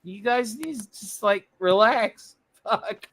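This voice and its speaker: A man who is a guest comedian in a casual livestream chat, joking in an animated way with bursts of laughter. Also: high-pitched, slow.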